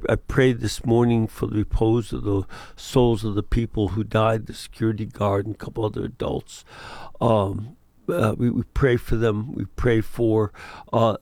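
A man who is a priest hosting a call-in radio show, speaking in a slow, thoughtful way with frequent pauses and fillers. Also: lowish voice, vocal fry, mellow, no echo.

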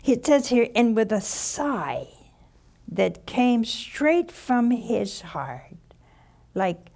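With sighs and gentle asides, an older nun moves at an easy pace through a casual, story-filled spiritual talk in a folksy manner. She speaks on the high side in a sing-song way, with vocal fry.

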